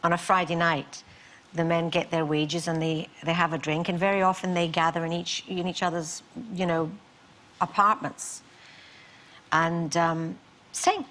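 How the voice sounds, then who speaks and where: Older Scottish woman, low-pitched. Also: unhurried. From Scotland. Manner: lively storytelling, acts out quotes. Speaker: interviewee. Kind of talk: interview conversation.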